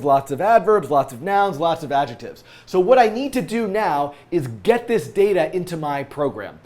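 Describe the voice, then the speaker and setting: A man's voice: sits high, darkish tone. A man with a scratchy voice from a cold, hosting a live-coding tutorial and thinking aloud with frequent fillers.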